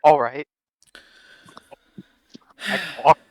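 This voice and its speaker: A man's voice: a little high, extremely slow, low-quality recording. A man playing a tabletop role-playing game, giving brief plain replies. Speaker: player. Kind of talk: casual tabletop play.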